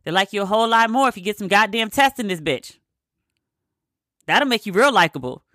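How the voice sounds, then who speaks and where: A woman's voice: medium pitch, lively intonation, fairly quick, a bit bright, dry recording, studio quality. A woman ranting in a casual, profane, exasperated way, hammering her points with emphatic repetition. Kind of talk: opinionated casual rant.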